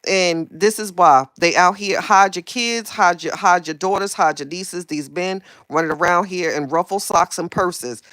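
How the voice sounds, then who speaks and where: A woman hosts a casual gossip livestream, sassy and animated, going from loud outbursts to quiet asides. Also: fairly low pitch, normal speed, few pauses, no room sound, studio quality. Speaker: livestream host.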